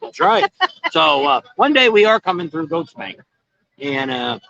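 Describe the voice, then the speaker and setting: A middle-aged man rambles in a folksy, easygoing way to his livestream viewers from an outdoor patio. His voice is bright and sits a little high. The phone stream sounds dull and lo-fi. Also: huge pitch swings, measured pace, vocal fry. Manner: rambling, folksy, many fillers. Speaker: vlog host. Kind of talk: casual livestream chat.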